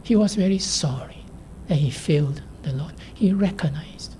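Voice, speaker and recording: Woman preacher, low mellow voice, measured and emphatic, soft near-whispers, faint hiss behind. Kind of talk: sermon.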